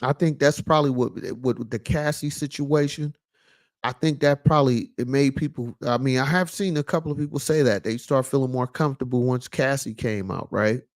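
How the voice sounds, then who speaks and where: A man's voice: medium pitch, fairly quick. A man giving a casual, preachy commentary monologue, repeating lines for emphasis and dropping in lots of fillers. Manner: loose casual speech with many fillers. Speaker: vlog host.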